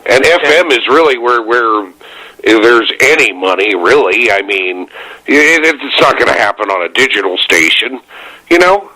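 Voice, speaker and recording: A man conducting a casual interview, mostly chiming in with quick agreements and short questions. His voice is bright and pointed, and it sounds dry and close with no room echo. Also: mid-range voice, animated.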